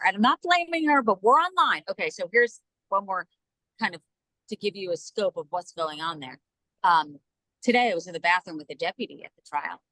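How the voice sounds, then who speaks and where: A woman from New Jersey, a news journalist and podcast guest, telling stories in a casual chat and acting out the quotes with lively voices. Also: mid-range voice, fairly quick, no echo, poor audio. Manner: animated, acts out quoted dialogue in lively voices.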